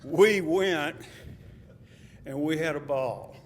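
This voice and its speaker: At a memorial, a man with a Texas accent gives a eulogy, chuckling as he shares a personal anecdote. His voice sits on the high side and he speaks slowly. Hall reverb and faint ambient noise surround the recording.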